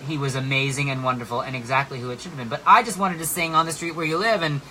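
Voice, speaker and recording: A man's voice: mid-range voice, very fast, slight background noise, low-quality recording. A man who is a drag performer, chatting casually and playfully backstage at a bar, now and then breaking into song. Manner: animated and playful, bursts into song.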